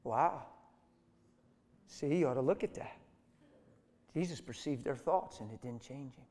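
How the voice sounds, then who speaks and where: A man's voice: medium pitch, expressive, unhurried, a little mellow. A man preaching a sermon with emphatic, exhorting delivery. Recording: echoey hall reverb.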